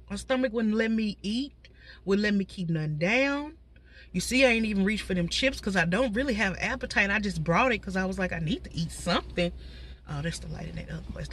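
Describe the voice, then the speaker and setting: A woman talks to her viewers from a parked car, chatty and direct with frequent asides. Her tone is bright and forward, with a slight stuffiness left over from a cold. A faint hum of noise sits under the voice. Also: mid-range voice. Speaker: vlogger. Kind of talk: casual talking mukbang chat.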